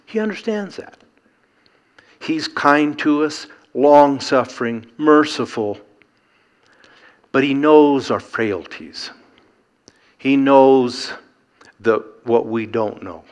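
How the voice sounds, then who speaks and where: A middle-aged man preaching a sermon, earnest and emphatic, building to rhetorical questions. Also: mid-range voice.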